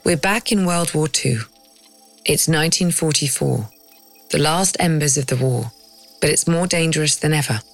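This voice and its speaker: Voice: medium pitch, moderate pace, soft background music. A documentary narrator reading a scripted story with dramatic pacing and rhetorical questions.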